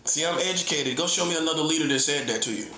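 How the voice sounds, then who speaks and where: A man's voice: fairly high pitch, fast, pushed and bright, a little hiss or hum. A middle-aged man, a self-styled prophet, delivering a heated, combative, preachy online monologue that keeps repeating its points. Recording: echoey room.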